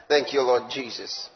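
A man preaching a sermon, emphatic, swinging between loud declarations and low asides. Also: in a large hall, lo-fi sound.

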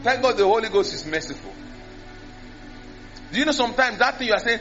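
A high-pitched man delivers a lively sermon into a handheld mic. He acts out prayers and repeats words for emphasis. The recording is dull and lo-fi, with faint music behind him. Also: fast talker, long pauses. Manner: animated, mimics tongues and prayers, repeats words. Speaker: preacher.

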